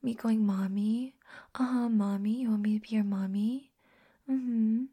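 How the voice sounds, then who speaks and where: A young woman acting a scornful, domineering roommate in a whispered role-play, talking in a mocking, contemptuous way with a husky voice. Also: on the high side, steady tone, measured pace, dark tone. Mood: teasing.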